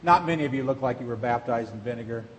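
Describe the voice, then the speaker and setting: A man's voice: medium pitch, quick pace, slight background noise. A middle-aged man, a pastor, preaching a sermon to his congregation in a conversational way, asking the room rhetorical questions. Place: church sanctuary. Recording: long reverb of a large church hall.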